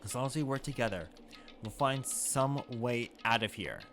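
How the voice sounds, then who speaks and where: A man voicing a calm teenage boy, speaking earnestly and reassuringly. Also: mid-range voice, normal speed, over music, natural voice. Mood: soothing. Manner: soothing, earnest.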